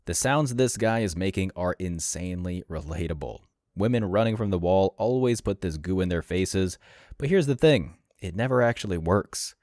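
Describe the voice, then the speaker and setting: A man's voice: sits low, moderate pace, darkish tone, dry recording, clean studio sound. A man narrating reaction clips in a scripted, sneering and mocking tone. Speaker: commentary channel narrator.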